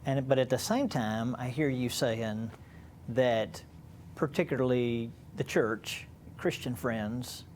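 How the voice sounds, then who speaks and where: A man interviewing a guest for a church program, affirming and animated when he makes a point. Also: medium pitch, slow, slight background noise.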